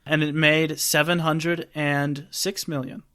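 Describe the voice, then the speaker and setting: A man's voice: fairly high pitch, flat delivery, slow pace, pushed and bright. A man hosting a podcast, running through film facts and figures in casual chat. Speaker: podcast host.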